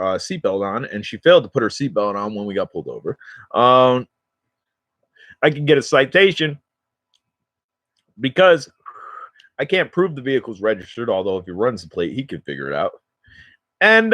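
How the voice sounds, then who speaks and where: A man at a middle pitch tells a loose, rambling story in street slang, addressing his viewers directly. The sound is dry and close, with no room echo. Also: sharp tone. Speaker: cannabis vlogger. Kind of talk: casual storytelling to camera.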